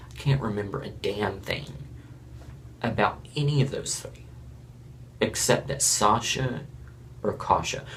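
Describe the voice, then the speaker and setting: A man's voice: mid-range voice, a little hiss or hum. A man from Florida giving a casual, blunt and rambling review of a reality show, with chuckling asides.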